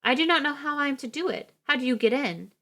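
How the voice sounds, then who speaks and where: A woman's voice: high voice, lively intonation, fast talker, sharp tone, pitched above the performer's own voice, exaggerated voice. A woman reading the lines of a frightened young girl, in a pleading way.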